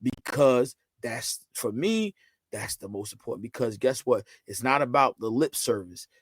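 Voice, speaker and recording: A man's voice: medium pitch, normal speed, slightly rough, no room sound. A man sits as a podcast guest and talks easily and with emphasis. His voice sits mid-range, and the room around it is dry. He builds his points by repeating himself and tossing in friendly asides. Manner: animated, emphatic storytelling with lots of repetition; loose colloquial phrasing, frequent "you know what I'm saying". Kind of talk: casual conversational interview.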